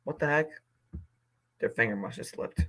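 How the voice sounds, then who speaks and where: An excitable young man ranting casually. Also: mid-range voice, slight background noise, rough recording. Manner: passionate, quickly indignant, then apologetic. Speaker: vlogger reading movie reviews. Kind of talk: casual reaction vlog.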